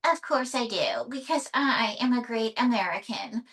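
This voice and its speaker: A woman's voice: a little high, lively intonation, normal speed, a bit bright, distant mic, poor audio. A woman voicing a flirtatious, bold female puppet showgirl with a brassy, self-important manner. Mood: boastful. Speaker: ventriloquist's puppet.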